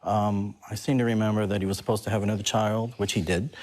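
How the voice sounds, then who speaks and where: A man's voice: on the low side, level tone, fast, a little mellow. A man who is a guest on a talk show, animatedly telling a personal story and laughing as he goes.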